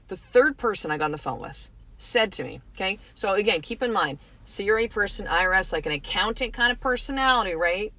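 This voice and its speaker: A woman's voice: mid-range voice, animated, fast, few pauses, sharp tone. A middle-aged woman from Canada hosts a motivational podcast. She talks frankly and with emphasis, swears freely, and speaks straight to her listeners. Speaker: podcast host.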